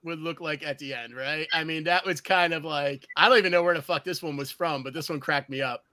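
A man's voice: a little high, a little fast. A man on a video call telling profane, laughing party stories to friends in casual chat. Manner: profane, laughing, animated storyteller. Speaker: host reminiscing with friends.

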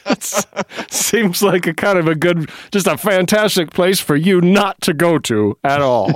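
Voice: medium pitch, a little slow, dry recording. Playful improv voice, dry sound. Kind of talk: improv comedy banter.

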